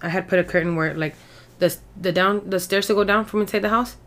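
A fast-talking woman with a medium-pitched voice co-hosts a podcast from Mexico. She tells stories casually, code-switching between English and Spanish and swearing a great deal.

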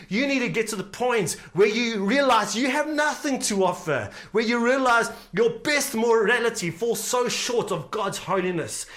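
High-voiced man preaching a sermon. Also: a bit bright. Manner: earnest preaching with repeated emphatic phrases. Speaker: pastor.

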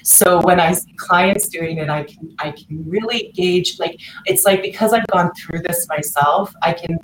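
A woman's voice: on the low side, a little slow, roomy sound, a little hiss or hum, rough recording. A woman talking as a podcast guest, telling personal stories in a chatty way with many restarts. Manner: chatty, many restarts, acts out quoted voices. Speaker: guest, coach working with clients. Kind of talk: podcast interview, personal storytelling.

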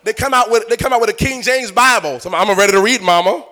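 A male preacher delivering a sermon in a sing-song cadence, swelling into shouts and addressing the congregation directly. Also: sits high, quick pace.

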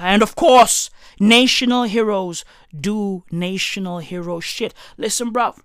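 A young adult woman from South Africa with a South African accent, delivering a loud, profane comedic rant, often shouting. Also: mid-range voice, a little slow, smooth, no room sound, studio quality.

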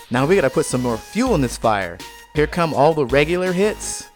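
A man's voice: a little high, fairly quick, soft background music. A man giving a talk, weaving in a personal story and acting out a heated argument. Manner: animated, acts out heated arguments.

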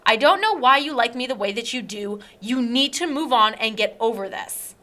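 A woman's voice: fairly high pitch, animated, moderate pace, bright, forceful tone. A young woman hosting a casual chat, telling an indignant story and acting out text messages.

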